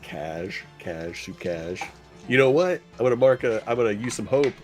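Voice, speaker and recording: A man's voice: medium pitch, animated, moderate pace, soft background music. A man playing a tabletop game, musing aloud in a laid-back way. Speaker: player. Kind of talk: casual table talk during a game.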